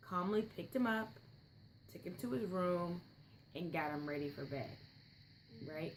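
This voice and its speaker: Young woman, chatty storyteller, slightly low voice, faint background noise. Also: expressive, a little slow, long pauses, rough recording. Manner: chatty and rambling, with frequent fillers and asides. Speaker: podcast host, mother. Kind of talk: casual storytelling monologue.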